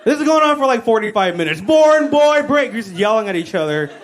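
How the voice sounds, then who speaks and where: A woman comedian telling a funny story on stage, animated and laughing. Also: mid-range voice, fast, a little hiss or hum. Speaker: stand-up comedian. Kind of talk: stand-up storytelling.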